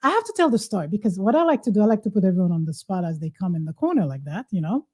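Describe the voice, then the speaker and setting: A woman's voice: medium pitch, big pitch swings, racing, warm tone. A woman host, chatting in an exuberant, teasing, exclamatory way. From Haiti. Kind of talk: casual talk-show chat.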